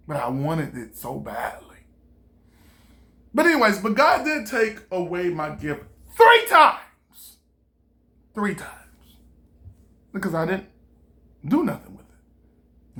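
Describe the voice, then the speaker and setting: A male comedian speaking straight to the listener in a loose, casual monologue. His delivery is animated and broken up with laughter, and he slips into different voices whenever he quotes someone. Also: high-pitched, slow, pauses often. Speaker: stand-up comedian.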